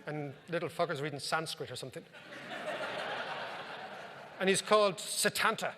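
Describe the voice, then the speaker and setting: A high-voiced Irish man spins wry, anecdotal stories for a live audience at a club. His talk rings with a long reverb from the hall. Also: moderate pace, background noise. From Ireland. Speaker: economic commentator, speaker. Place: club function room.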